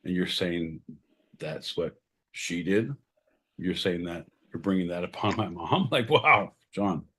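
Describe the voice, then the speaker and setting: A man co-hosting a podcast, joking loudly, interrupting and swearing, with sudden jumps in pitch. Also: steady tone, unhurried, a little hiss or hum. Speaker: podcast co-host. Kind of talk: rowdy comedic banter.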